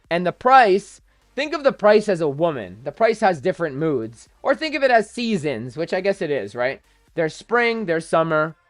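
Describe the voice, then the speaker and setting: A man's voice: sits high, no echo, studio quality. A man hosting a trading livestream, talking casually, bluntly and with plenty of profanity straight to his viewers. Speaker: crypto trading livestream host.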